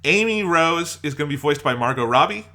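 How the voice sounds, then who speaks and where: A man's voice: a little high, expressive, fairly quick, sharp tone. A man co-hosting a podcast, chatting casually and enthusiastically, rambling a bit and laughing often. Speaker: podcast co-host. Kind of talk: casual chat.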